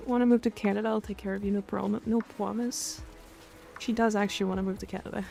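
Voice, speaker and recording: A woman's voice: mid-range voice, fairly even intonation, fast talker, creaky, dark tone, soft background music. A woman streamer chatting playfully with her viewers in a casual live stream.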